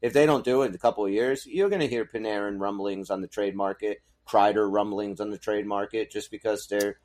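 Lowish-voiced guy cohosting a hockey podcast, loose and chatty, swears a lot. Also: a little fast. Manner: animated, swears casually. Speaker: podcast co-host. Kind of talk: casual sports chat.

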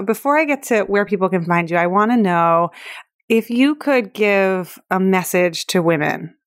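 A woman's voice: on the low side, dry recording, clean studio sound. A woman hosting a podcast, chatting casually with playful asides and spiritual phrasing. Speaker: podcast host. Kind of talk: casual conversational interview.

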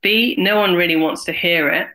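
A woman in her forties, a guest in a candid interview, talking in an animated way and acting out other people's lines. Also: on the low side, normal speed, rough recording. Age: 40s. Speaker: guest, carer and writer.

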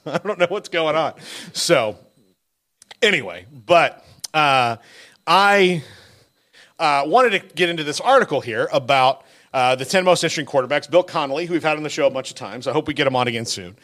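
A man talking sports on a podcast, animated and quick to laugh at his own stories. His voice sits a bit high for a man. He talks in a loose, casual way. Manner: animated storyteller, laughs through his anecdotes. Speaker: podcast co-host.

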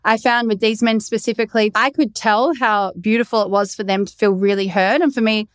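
A young Australian woman hosting a podcast and coaching, telling a story in a lively, expressive way and swearing freely. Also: mid-range voice, a little fast, smooth, no echo, studio quality. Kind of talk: casual storytelling monologue.

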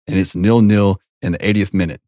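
Low voiced guy on a podcast, emphatic, repeats himself, dry sound. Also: steady tone, fairly quick, dark tone, no echo. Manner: emphatic, gives advice, swears. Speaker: podcast co-host. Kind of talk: casual chat.

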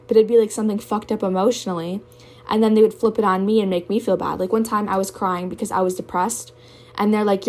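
A woman's voice: mid-range voice, little pitch movement, quick pace, a little mellow. A young woman hosting a podcast, talking candidly and emotionally in a personal monologue, swearing often. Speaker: podcast host.

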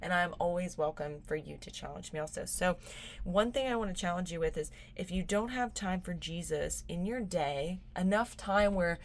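A young woman hosts a devotional podcast, her voice sitting a little low for a woman. She talks in a casual, earnest and encouraging way, at times sounding moved close to tears. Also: normal speed, a little hiss or hum. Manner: earnest and encouraging, gets teary and laughs. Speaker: podcast host.

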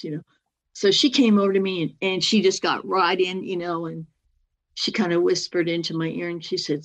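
A woman telling a personal story as a guest, animated, acting out what other people said, with many fillers. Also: lowish voice, moderate pace. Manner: animated, acts out other people's words in quotes; rambling, with many fillers and "anyway".

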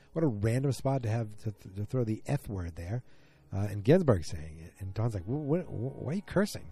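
A man's voice: lowish voice, warm tone, slightly rough. Rambling man recapping a TV episode. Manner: rambling, many fillers and restarts.

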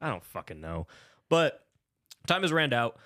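A man casually recapping a film on a podcast, animated and exasperated, swearing freely and acting out the characters' lines. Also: mid-range voice, unhurried, no echo, clean studio sound. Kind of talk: casual profane movie recap chat.

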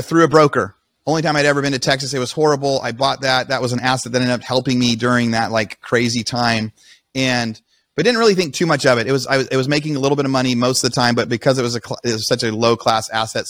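A man, a podcast guest, telling his own story in a casual, animated way, often breaking off and restarting his sentences. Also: medium pitch, dry recording. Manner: rapid, animated retelling with restarts.

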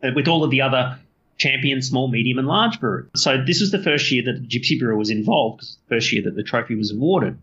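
A man's voice: medium pitch, expressive, quick pace, a bit bright, lo-fi sound. An Australian man telling his story as a podcast guest, rambling, swearing and correcting himself often. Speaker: guest brewer.

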